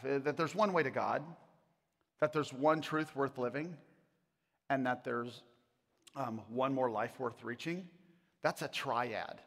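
A man, a pastor, preaching a sermon in a casual, animated way, with jokes and asides to the congregation. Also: mid-range voice, vocal fry. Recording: long hall reverb.

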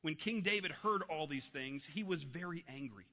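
A man's voice: a little high, lively intonation, moderate pace, bright, forceful tone. A man preaching a sermon, telling a story and acting out its voices. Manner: storytelling, acts out voices in anecdotes. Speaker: pastor. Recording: long hall reverb.

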